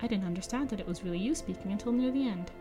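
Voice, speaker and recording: A woman's voice: mid-range voice, very fast, over music, lightly acted. A woman reading as a dreamy young hobbit.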